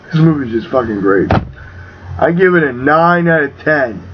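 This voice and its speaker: A young man giving an excitable, casual film review, full of fillers and swearing. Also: on the high side, normal speed. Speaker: movie reviewer. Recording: dull lo-fi home recording with faint hiss.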